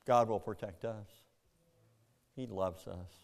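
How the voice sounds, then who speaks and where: Animated male preacher, loud bursts. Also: fairly low pitch, slow, vocal fry. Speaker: pastor. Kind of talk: sermon.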